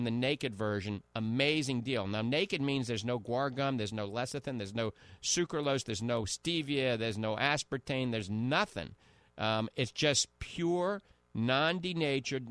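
A man hosting a radio health show, pitching products and repeating prices and names. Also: a bit bright, clean tone, no room sound.

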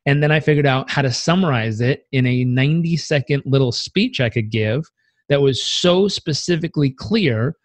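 Man, podcast guest, earnest reflective storytelling, medium pitch, dry close sound. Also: moderate pace, no room sound. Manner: earnest, acts out inner voices with pitch jumps.

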